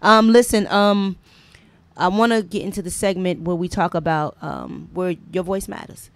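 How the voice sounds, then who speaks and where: A woman hosting a call-in radio show, chatting loosely in slang with drawn-out phrasing. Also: lowish voice, clear, resonant tone. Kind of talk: casual call-in radio chat.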